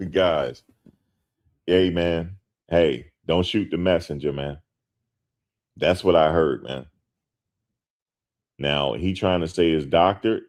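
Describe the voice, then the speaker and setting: A man's voice: low-pitched, extremely slow, long pauses, darkish tone. A man hosting a show, talking casually and emphatically to his viewers, repeating his points with lots of slang. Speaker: host.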